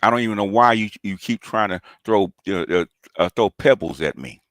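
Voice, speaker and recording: A man's voice: on the low side, a little fast, fairly bright tone, no echo, studio quality. A man, hosting a channel and delivering a combative, taunting call-out rant, often tossing in "okay?". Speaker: commentary channel host.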